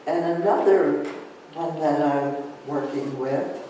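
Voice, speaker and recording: A man leading a slow guided Lent meditation in a calm voice, repeating phrases and leaving long pauses. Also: on the high side. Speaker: church leader guiding a Lent meditation. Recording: roomy, from a distance, with faint noise.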